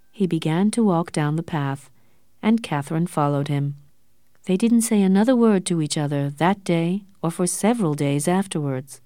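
A woman reads a novel aloud in a steady, clear storytelling manner. Her voice sits low for a woman, and the sound is dry and close to the mic with no room around it. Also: moderate pace, dry recording. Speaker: narrator. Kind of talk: scripted audiobook narration.

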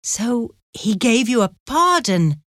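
A woman reading as an anxious young woman who fears for her brother, in a slow storybook voice. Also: on the high side, no room sound, studio quality, voice pushed up, close to an everyday voice. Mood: sad, amazed. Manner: anxious, pleading.

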